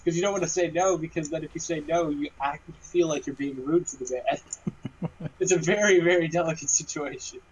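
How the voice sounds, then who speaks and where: A man joining a late-night stream chat, teasing with deadpan jokes. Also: a little high, a little fast, a little hiss or hum, low-quality recording. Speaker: stream guest.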